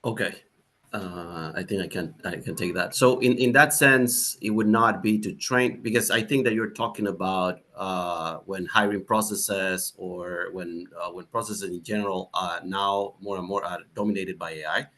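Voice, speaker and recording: A man with a lowish voice speaks on a panel. He is animated and emphatic, often pausing on fillers before pushing his point harder. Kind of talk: panel discussion.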